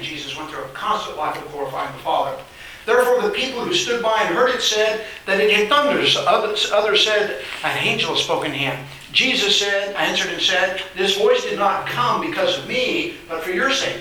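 A man's voice: high voice, pushed and bright, distant mic. Male preacher, emphatic, repeats phrases, ringing echo, off-mic, faint background noise. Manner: emphatic, repeats phrases, reads scripture aloud. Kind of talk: sermon. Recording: very echoey room, voice off-mic.

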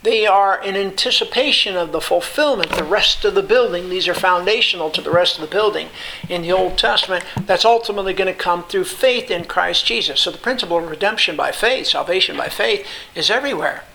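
A man preaching a Bible teaching sermon, explaining terms in an unhurried way with many pauses and emphatic repetition. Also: high voice, vocal fry, pushed and bright, a little hiss or hum, low-quality recording.

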